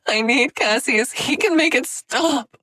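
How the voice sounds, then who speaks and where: A young woman shrieking and sobbing in pain, high and loud, dead dry sound. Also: measured pace, no echo, exaggerated voice. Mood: panicked sobbing. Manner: screaming, sobbing, gasping. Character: panicked young woman in magical agony.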